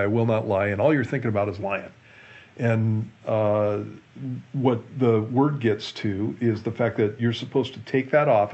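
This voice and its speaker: A man, a pastor, explaining a Bible passage in a relaxed Q&A show, earnest and often restarting and repeating his words. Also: medium pitch, slightly rough, muffled recording. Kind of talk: conversational Bible teaching in a Q&A show.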